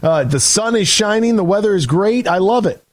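A man hosting a call-in sports radio show, talking in an energetic, rambling way with frequent restarts. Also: high-pitched, moderate pace, no echo.

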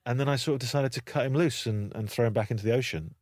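A British man telling a long anecdote in casual chat, lively and acting out the voices of the people in it. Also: medium pitch, fast talker, dry recording, studio quality. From Britain. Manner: animated storytelling, acting out voices. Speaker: guest storyteller.

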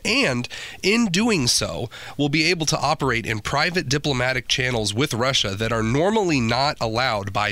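A man's voice: medium pitch, bright, forceful tone. A man co-hosting a talk radio show, scornful and emphatic in his opinions. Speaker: fill-in radio co-host.

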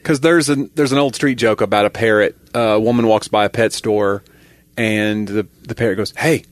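Lowish voice podcast guy, laid back, tells an old joke and does the voices. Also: normal speed, no echo. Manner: relaxed joke-telling, acts out voices in anecdotes. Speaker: podcast co-host. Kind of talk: casual chat.

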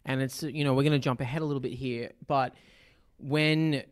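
A man in mid pitch chatting casually about a film with a co-host. He talks freely, laughs easily and slips into the voices of the characters he quotes. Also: fairly even intonation, normal speed, dry recording, clean studio sound. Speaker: podcast co-host.

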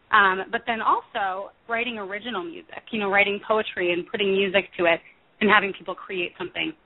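A woman in her thirties, a music therapist, answering interview questions thoughtfully, with many fillers and self-corrections. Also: mid-range voice. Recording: tinny phone line.

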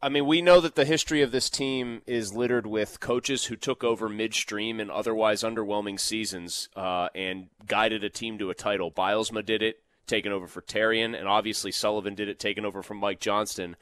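A man co-hosting a sports talk show, arguing his points in animated casual debate and often saying "like". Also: lowish voice, fairly quick, few pauses, clean tone, no echo. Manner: argumentative, animated, fond of "like".

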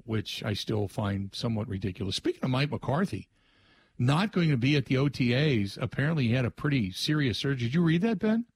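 Husky-voiced male sports radio host. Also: medium pitch, very animated, brisk, dry recording. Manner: loose, rambling storytelling, invites listener calls. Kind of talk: conversational sports radio talk.

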